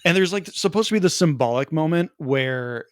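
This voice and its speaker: A man's voice: a little high, animated, dry recording. Casual man reviewing films, dry close mic. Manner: rambling, quick asides, laughs at his own jokes. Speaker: podcast co-host. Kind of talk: casual movie review chat.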